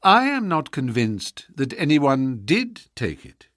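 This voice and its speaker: A man reading the part of a calm detective, speaking in a measured, even way. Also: mid-range voice, dry recording, clean studio sound, exaggerated voice. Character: calm, cool male detective.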